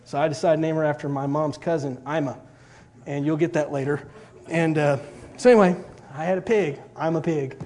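Folksy preacher, slightly high voice. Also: male voice, fairly even intonation, a little fast, a little mellow. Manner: folksy, rambling storyteller with many fillers. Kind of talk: storytelling sermon.

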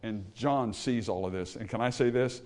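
Addressing his congregation, a man preaches at normal speed, his delivery dropping to hushed, low tones and then rising to loud emphasis as he asks rhetorical questions.

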